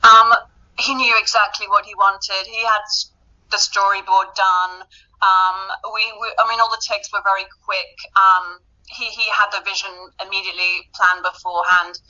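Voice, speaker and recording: A British woman talks in a casual interview, her voice very bright and forward. She rambles warmly with lots of ums and little laughs. The recording sounds dull and lo-fi. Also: medium pitch, little pitch movement, moderate pace. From Britain. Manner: chatty, laughing often, many fillers and restarts. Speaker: actress being interviewed.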